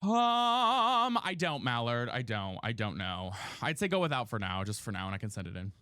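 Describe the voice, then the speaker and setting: A man's voice: fairly low pitch, expressive, quick pace, a bit bright, dry recording, clean studio sound. A man streaming live from a room at home, chatting casually and ranting in exasperation to his viewers. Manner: chatty, exasperated rants to chat. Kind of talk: casual chat while gaming.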